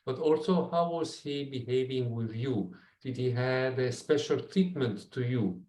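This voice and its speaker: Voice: mid-range voice, unhurried, dark tone. An interviewer asking long, rambling questions about a dancer's partner and laughing along with the guest's stories. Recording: echoey room, far from the mic.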